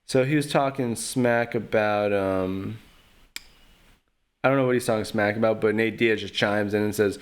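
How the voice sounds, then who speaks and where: A man's voice: on the low side, moderate pace. A man hosting his own podcast, talking casually and rambling, with a trash-talking streak. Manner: rambling, trash-talking, lots of fillers like "you know". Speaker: podcast host. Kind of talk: casual solo podcast commentary.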